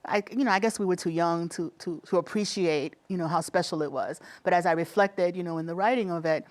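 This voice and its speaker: A middle-aged woman with a Bronx accent, telling lively stories in an interview and often laughing. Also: fairly low pitch, fairly quick. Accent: Bronx New York. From the Bronx, New York. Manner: animated storyteller acting out quoted voices, laughs often. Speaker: guest, state commissioner. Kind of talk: conversational interview storytelling.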